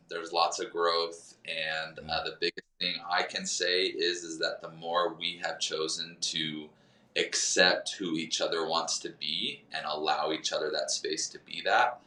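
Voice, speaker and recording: A man's voice: low-pitched, bright, forceful tone, distant mic. A man speaking as a podcast guest in a candid, rambling and reflective way, with many fillers. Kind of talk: candid conversational chat. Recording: roomy sound from off the mic.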